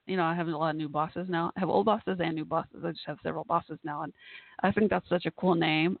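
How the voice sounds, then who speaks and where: Woman podcast host, rambly and giggly, gravelly fry, tinny phone line. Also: fairly low pitch, no echo. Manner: chatty, rambling, laughs often. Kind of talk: casual solo talk. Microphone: phone call-in line.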